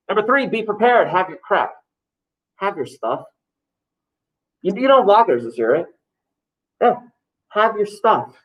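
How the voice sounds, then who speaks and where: A man teaches a class, speaking in a casual, joking way. His voice sits a little high for a man. He rambles into stories between instructions. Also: rough recording. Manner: joking, loose and chatty. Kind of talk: classroom talk to students.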